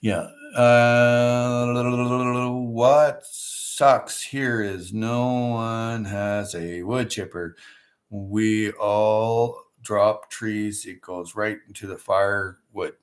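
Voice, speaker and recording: A middle-aged man with a fairly low voice talks through a casual livestream, answering viewers. His delivery is loose and folksy, looping through fillers, repeated starts and asides. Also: fairly even intonation, extremely slow. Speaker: livestream host. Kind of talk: casual chat reading viewer comments.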